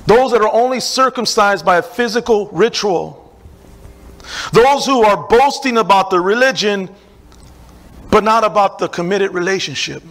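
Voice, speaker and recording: A man's voice: high-pitched, moderate pace, fairly bright tone. A middle-aged man preaching a sermon as pastor, with an emphatic, repetitive cadence and casual asides.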